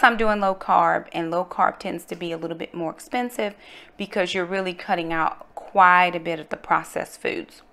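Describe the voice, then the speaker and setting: A middle-aged woman from North Carolina, telling a personal story in a casual, animated way and calling her viewers y'all. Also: lowish voice. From North Carolina, USA. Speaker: vlogger, mother.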